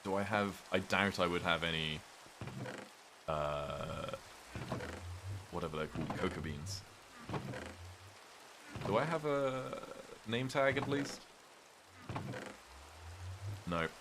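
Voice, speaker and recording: Playing a game on stream, a British man with a strikingly deep voice talks slowly and pauses often. His chatter rambles as he reads out viewers' messages and answers them easily. Soft rain noise lies under his speech.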